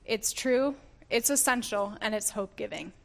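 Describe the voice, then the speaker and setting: A woman's voice: medium pitch, expressive, moderate pace, vocal fry, fairly bright tone. A woman giving a sermon, reading scripture aloud and explaining it earnestly, often laughing and correcting herself mid-word. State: getting emotional. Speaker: preacher.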